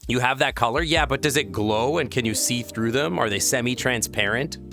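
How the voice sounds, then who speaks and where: A young man chatting casually on a live stream, reading and answering viewer messages, playful and giggly, rambling and breaking into squeaky high exclamations. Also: brisk, sharp tone, faint music behind. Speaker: VRChat streamer.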